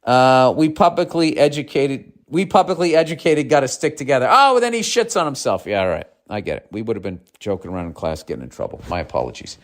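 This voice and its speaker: A man's voice: mid-range voice, animated, quick pace, few pauses. A man in his fifties hosting a podcast, ranting and swearing in a sardonic, casual monologue while reading listener mail. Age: 50s. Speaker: podcast host.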